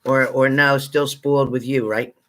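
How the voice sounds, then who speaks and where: Bright, chatty man greeting livestream viewers. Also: mid-range voice, level tone, normal speed, slight background noise. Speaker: livestream psychic reader. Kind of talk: casual live chat with viewers.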